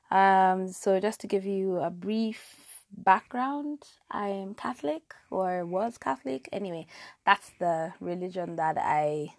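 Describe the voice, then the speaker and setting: A woman's voice: fairly low pitch, a little mellow, no room sound. A young woman hosting a casual solo podcast from her bedroom, chatty and self-deprecating, with lots of fillers and restarts, on a lapel mic. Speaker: podcast host. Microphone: lapel mic clipped to her hair.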